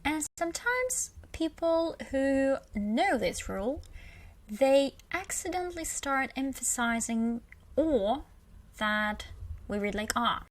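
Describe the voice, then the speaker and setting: Russian-accented woman teacher, slow and patient, a touch high, beginner lesson. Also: lively intonation. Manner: slow, patient, repeats example words with emphasis.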